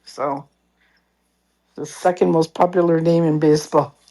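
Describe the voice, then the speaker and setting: A woman with a fairly low voice tells a story in a relaxed, chatty way. She jumps into what other people said to her and then back to her own voice. It sounds like casual call-in chat. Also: measured pace. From Canada. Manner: animated storytelling, acts out others' lines.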